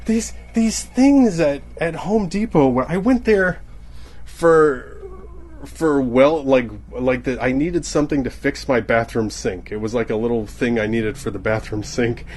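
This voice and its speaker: A young man talks his way through a loose comedic monologue for a podcast. He keeps cutting himself off mid-sentence and laughs at his own jokes, and his voice sits at an ordinary, middle pitch. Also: a little slow, a little mellow. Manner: rambling, self-interrupting, laughs at own jokes.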